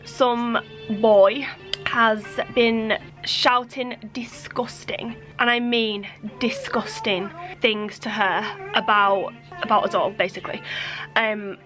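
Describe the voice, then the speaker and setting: Exasperated mum ranting to camera. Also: female voice, a little high, fairly bright tone. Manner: exasperated, emphatic, laughs between points. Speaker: family vlogger. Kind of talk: casual ranting vlog to camera.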